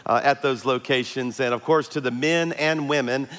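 A man's voice: mid-range voice, fairly even intonation, moderate pace, fairly bright tone, in a large hall. A male pastor, preaching a conversational sermon with frequent fillers. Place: large church auditorium.

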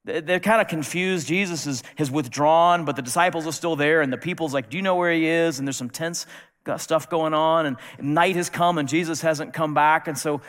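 A man's voice: fairly high pitch, normal speed, fairly bright tone. A man giving a casual, conversational sermon, with wry asides and stumbling restarts. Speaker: preacher. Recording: long reverb of a large hall.

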